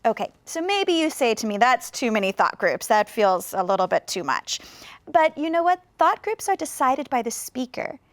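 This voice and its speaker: A woman teaching English pronunciation in a video lesson, speaking slowly and clearly with deliberate pauses to demonstrate. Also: fairly high pitch, very animated, no room sound.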